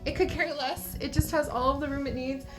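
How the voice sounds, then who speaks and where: High-voiced chatty woman vlogger. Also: fairly even intonation, fairly quick, over music. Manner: chatty and enthusiastic, many "like" fillers. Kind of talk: casual chat.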